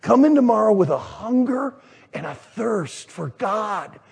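A man in his sixties, a pastor, preaching a sermon as a folksy storyteller who shouts some lines and drops others to near-whispers. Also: high-pitched, big pitch swings, measured pace, gravelly, husky. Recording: long hall reverb.

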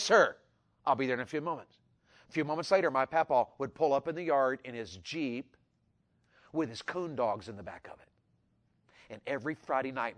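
Man telling a folksy story. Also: fairly high pitch. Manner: animated, repeats words, builds to loud peaks. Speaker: storyteller speaker.

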